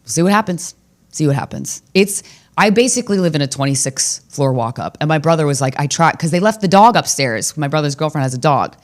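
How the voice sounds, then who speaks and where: A woman comedian hosting a podcast, telling stories in a brash, profane, animated way, with sudden loud jumps in pitch. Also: fairly quick. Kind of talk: casual comedic storytelling.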